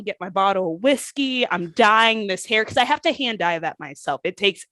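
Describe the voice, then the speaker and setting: Brief: a woman, mid-pitched, recounting her career in an interview with animated, candid delivery; close mic, dry sound. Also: moderate pace, no room sound. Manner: animated, acts out past conversations in her stories. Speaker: professional wrestler guest.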